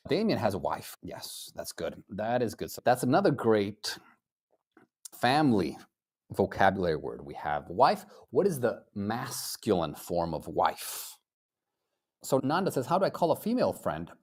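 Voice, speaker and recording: Casting note: young male English teacher, low voice with animated swings, upbeat, calls on students by name. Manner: lively, encouraging, greets viewers by name. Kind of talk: live online English lesson.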